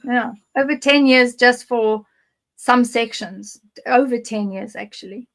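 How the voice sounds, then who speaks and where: South African woman guest, candid rambling storyteller, voice sits a touch high. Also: a little slow, fairly bright tone. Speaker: guest psychic. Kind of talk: interview, personal testimony.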